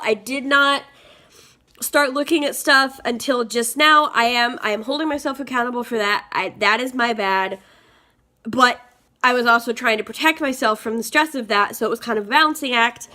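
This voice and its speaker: A young woman talks straight to her viewers in a personal vlog, earnest and a little rambling, with many fillers and restarts. Her voice sits a bit high and sounds bright and forceful. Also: normal speed. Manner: stressed and frustrated venting. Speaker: vlogger. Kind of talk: confessional vlog talk.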